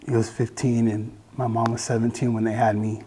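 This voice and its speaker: A man giving a personal faith testimony, earnest and halting, often restarting his sentences. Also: mid-range voice, little pitch movement, mellow, a little hiss or hum.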